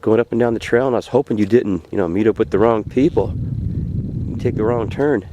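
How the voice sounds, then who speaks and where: A man voicing a kindly male guide from heaven, gentle and welcoming. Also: lowish voice, a little fast, highs cut off, background noise, voice pushed up, lightly acted. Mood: relieved. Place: outdoors by a frozen lake.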